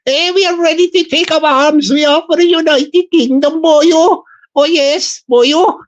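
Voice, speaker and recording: A man's voice: very high voice, steady tone, measured pace, highs cut off, pitched above the performer's own voice. A man putting on a sing-song Welsh volunteer. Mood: eager. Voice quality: sing-song, repeats the word boyo. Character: cheery Welsh man volunteer, eager for the fight.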